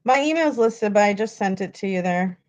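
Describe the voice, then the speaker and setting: A woman's voice: medium pitch, animated, brisk. A woman hosting a livestream, ranting at her viewers in a frustrated, profane way. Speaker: livestream host.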